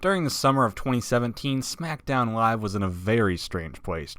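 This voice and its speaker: A man hosting a wrestling countdown video, narrating from a script with sarcasm and swearing and sudden loud emphasis. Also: fairly low pitch, dry recording. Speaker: wrestling list video host.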